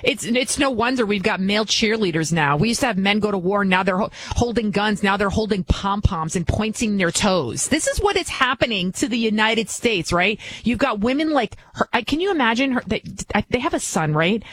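A woman's voice: mid-range voice, expressive, brisk, few pauses, fairly bright tone. A middle-aged woman from the New York area, filling in as a talk radio host and delivering a blunt, emphatic, mocking opinion monologue.

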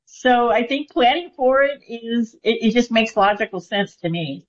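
A woman's voice: a little high, expressive, moderate pace, few pauses. Chatty woman, dull lo-fi sound. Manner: chatty, earnest, many fillers. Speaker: guest medium. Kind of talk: interview answers.

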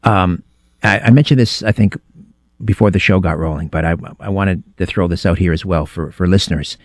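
A middle-aged man guest-hosts a late-night radio talk show, chatting conversationally and telling anecdotes with restarts. His voice is low and a little fast, recorded with studio quality on a studio microphone with no room sound.

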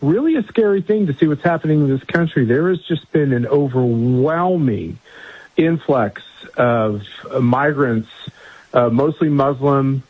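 A man giving a radio interview as a guest from a remote line, speaking earnestly and measured, with many fillers and restarts. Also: mid-range voice, breathy edge, no room sound. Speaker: guest, conservative group chairman. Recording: dry, dull remote line.

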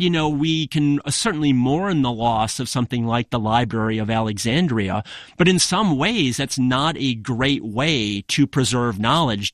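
A man guesting on a radio interview talks through his ideas in a thoughtful, measured way, often softening his points with small hedges. His voice sits at an everyday middle pitch. The studio sound is close and dry, with no room around it. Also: no room sound. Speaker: author guest.

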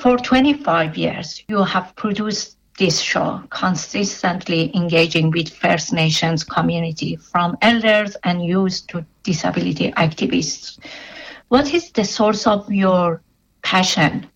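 Calm woman radio interviewer, lo-fi. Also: on the low side, measured pace, vocal fry. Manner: calm, encouraging, brief affirmations. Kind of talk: interview questions. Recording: slightly dull lo-fi radio sound.

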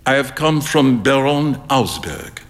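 An actor playing a polite old gentleman with a slight French accent who speaks formally. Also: medium pitch, animated, slow, gravelly. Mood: courteous. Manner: formal, courteous.

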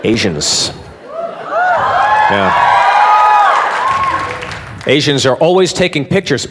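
A male stand-up comedian performing a loud, crowd-baiting routine. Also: on the high side, big pitch swings, normal speed. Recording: live club with crowd and noise.

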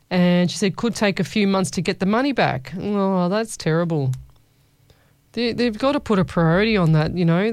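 A woman's voice: lowish voice, darkish tone, clean tone, dry recording. A woman hosting a radio show, chatting playfully with listeners and calling them lovey. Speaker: radio host. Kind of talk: casual chat reading listener messages.

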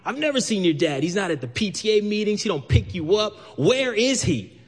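A man's voice: sits high, big pitch swings, brisk, husky, voice pushed up, full character voice. A man voicing a brash young schoolboy who taunts a classmate. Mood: taunting. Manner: taunting, boastful. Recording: long hall reverb.

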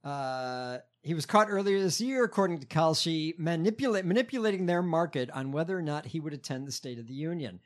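A man's voice: on the high side, fairly quick, hardly any pauses. A man co-hosting a casual comedic podcast, reading news stories from notes with frequent fillers and restarts.

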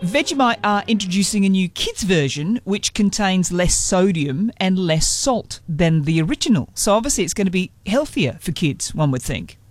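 A man's voice: high voice, lively intonation, moderate pace, few pauses, no echo, soft background music. An Australian man hosting a radio chat, telling a long funny story with dry humour. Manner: yarn-spinning, dry humour. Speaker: radio host. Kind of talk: casual chat.

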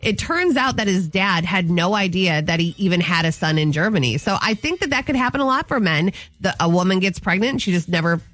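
A woman's voice: fairly low pitch, animated, fairly quick, few pauses, fairly bright tone. A woman co-hosting a morning radio show, telling stories in chatty, upbeat on-air talk. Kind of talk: casual on-air chat.

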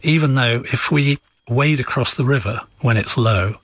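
A man, an author guest on a radio interview, explaining history in a measured, storytelling way. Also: medium pitch, no echo. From England.

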